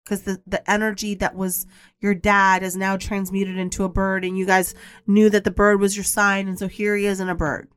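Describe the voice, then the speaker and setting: A woman's voice: mid-range voice, little pitch movement, normal speed, clear, resonant tone. A woman hosting a podcast, telling a personal story in a candid, emphatic way, repeating her points and sometimes swearing. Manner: blunt, occasionally swears. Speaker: podcast host.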